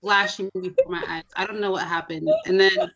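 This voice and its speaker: A Nigerian-born woman co-hosting a casual podcast chat over a remote call, playful and quick to switch voices and tones. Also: mid-range voice, fairly even intonation, gravelly, a bit bright, highs cut off. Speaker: podcast co-host. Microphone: computer on a remote call.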